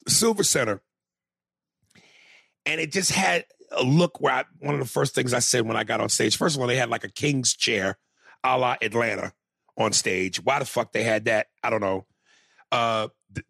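Gravelly, animated comedian telling a story. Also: male voice, mid-range voice, no room sound, clean studio sound. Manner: profane, animated, with many restarts. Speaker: stand-up comedian. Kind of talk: casual storytelling.

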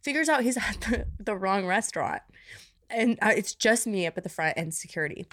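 A young woman co-hosting a podcast, chatting casually and poking fun at herself. She often restarts her sentences. Her voice sits mid-pitch and sounds dry and close, with no room around it. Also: expressive, a little fast, fairly bright tone, dry recording. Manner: chatty and self-mocking, with frequent restarts. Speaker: podcast co-host. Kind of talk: casual chat.

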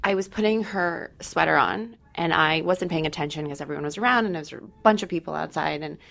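A woman guest on a podcast, telling stories in an animated way and acting out quotes. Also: low-pitched, fast talker, creaky. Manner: animated storyteller, acts out quotes. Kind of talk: casual chat.

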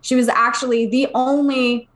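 Lively woman telling a story. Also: high voice, moderate pace. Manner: animated, acts out quoted voices, swears casually. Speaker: podcast co-host. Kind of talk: casual storytelling.

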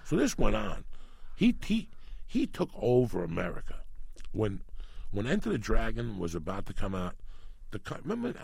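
A man's voice: fairly low pitch, normal speed, long pauses, no room sound. A middle-aged man from New York City telling rambling, profanity-laced stories in a casual chat. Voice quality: gravelly, husky. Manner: profane, rambling, animated storyteller.

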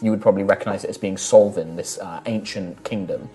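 Game master, laid-back rambling narration, faint background music. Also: male voice, sits low, fast talker. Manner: relaxed, rambling, many fillers.

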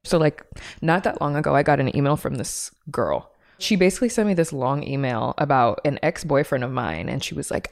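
Low-voiced blunt woman guest. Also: animated, brisk, vocal fry. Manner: blunt, swears freely, laughs often. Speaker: podcast guest. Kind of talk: candid casual chat.

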